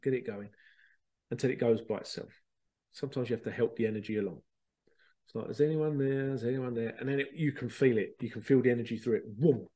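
A man, a spiritual medium hosting a show, telling stories in a chatty, animated way with laughter and the odd swear. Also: medium pitch, quick pace, long pauses. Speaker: spiritual medium and podcast host. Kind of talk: casual storytelling.

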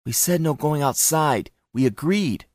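A man voicing a frantic, fearful young mother, shrill and urgent, in a storybook reading. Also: unhurried, darkish tone, no room sound, clean studio sound, lightly acted.

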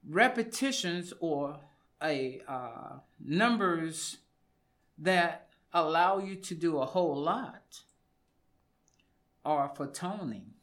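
A man's voice: on the high side, animated, slow, fairly bright tone. A man, a fitness coach and studio guest, explaining exercise in casual radio talk and repeating words for emphasis.

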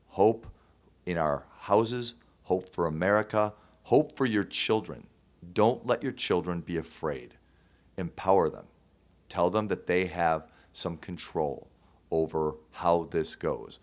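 A man hosting his own show, speaking to listeners in an earnest, emotional monologue with pauses and restarts. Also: low-pitched. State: choked up at times. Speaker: podcast host. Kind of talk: heartfelt monologue.

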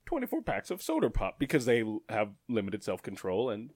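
A man's voice: lowish voice, brisk, dry recording, clean studio sound. A man co-hosting a casual chat, telling a workplace story with a lot of swearing and frequent laughter. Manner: profane, animated, laughs often.

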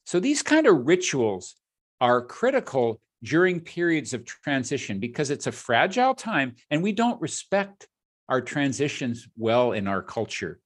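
A man's voice: medium pitch, unhurried, breathy edge. A middle-aged man hosting a podcast, telling stories in a reflective, conversational way. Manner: storytelling, reflective, animated. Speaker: podcast host, leadership coach.

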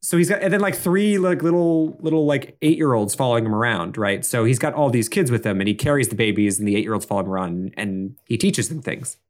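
A man's voice: medium pitch, quick pace, hardly any pauses. A man co-hosting in casual chat, rambling and filling his talk with restarts. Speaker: co-host.

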